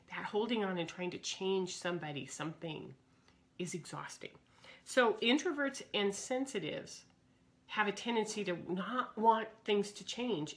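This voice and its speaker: A woman's voice: mid-range voice, a bit bright. A middle-aged woman speaking in a live broadcast, earnest and searching, who often repeats her key words. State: coughing fits, throat trouble. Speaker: speaker on personal growth. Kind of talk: live broadcast talk to viewers.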